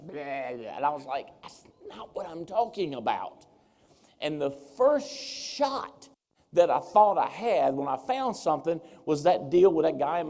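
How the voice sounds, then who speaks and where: A man giving a seminar talk as a speaker, telling his story with lively, animated swings as he acts out what people said. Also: a little high. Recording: reverberant hall.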